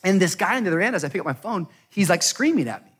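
A man delivers a sermon in a church sanctuary. His voice sits high and moves restlessly up and down. He shifts between laid-back, joking storytelling and loud, fervent preaching. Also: very fast, husky. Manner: animated, jokey, building to loud preaching. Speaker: pastor. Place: church sanctuary before a congregation.

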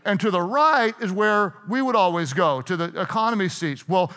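A middle-aged man preaching a sermon, telling stories in an animated way, restarting and repeating himself. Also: high voice, moderate pace. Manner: storytelling, animated, self-interrupting with repeated restarts. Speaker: pastor. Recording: hall reverb.

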